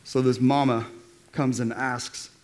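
A man's voice: medium pitch, level tone, slow, darkish tone. A man preaching a sermon as pastor, in a casual, slangy way, rallying the congregation. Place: church.

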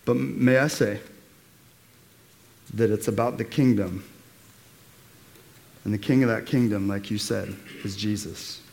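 A man's voice: fairly low pitch, steady tone, a little slow, gravelly, long pauses, a little mellow, slight background noise. A man preaching a sermon as pastor, in a casual, slangy way, rallying the congregation. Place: church.

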